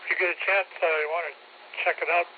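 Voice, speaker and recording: A man's voice: a little high, level tone, phone-quality sound. Rambling man over a two-way radio. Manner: halting, many fillers and self-corrections. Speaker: radio club member giving announcements. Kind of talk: casual radio net talk. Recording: thin two-way radio transmission with faint hiss.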